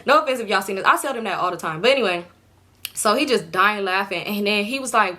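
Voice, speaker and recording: Fast-talking blunt young woman. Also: medium pitch. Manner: blunt, animated, slangy. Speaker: storytime vlogger. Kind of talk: casual storytime chat.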